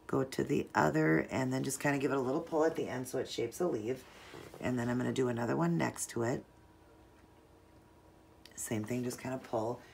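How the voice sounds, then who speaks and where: A woman with a notably low voice walks through a nail art design step by step. She chats casually and explains each move as she works, relaxed and unhurried. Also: gravelly, a little hiss or hum. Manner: chatty, relaxed, explains while working.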